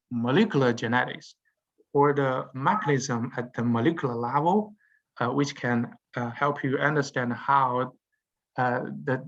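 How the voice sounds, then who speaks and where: A male university lecturer explains course material in a halting way, pausing often on fillers and restarting his sentences. His voice sits at an ordinary middle pitch. The recording is dull and lo-fi. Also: fairly bright tone. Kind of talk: classroom lecture.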